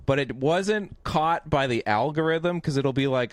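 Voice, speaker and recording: A man's voice: on the high side, measured pace, dry recording. A man from Canada co-hosting a movie podcast, telling stories with lots of swearing and laughter. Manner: profane, laughing, animated storytelling. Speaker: podcast co-host reviewing movies. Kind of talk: casual chat.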